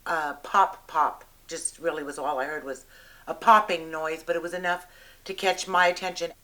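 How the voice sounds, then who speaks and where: Give me an older woman in a low register, recounting an eyewitness memory haltingly, with pauses and ums. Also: steady tone, bright, forceful tone, rough recording. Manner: halting, vivid retelling with pauses and fillers. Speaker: retired educator recounting as an eyewitness. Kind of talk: personal recollection to camera.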